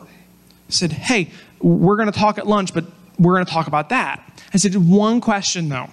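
A young adult man preaching a sermon, telling the story with lively acted-out quotes. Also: sits high, moderate pace. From Pennsylvania, US. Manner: animated storytelling, acts out quoted voices. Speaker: pastor.

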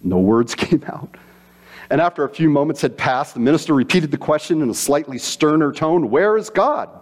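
A man's voice: on the high side, a little fast. A man preaching a sermon, telling stories with acted-out quotes and voices. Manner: animated storytelling with voiced quotes. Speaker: pastor.

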